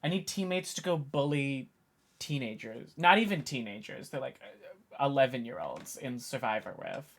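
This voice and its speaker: Young male streamer, mid-pitched and very animated, joking with chat while typing. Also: moderate pace, creaky. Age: 20s. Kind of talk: casual live-stream chat.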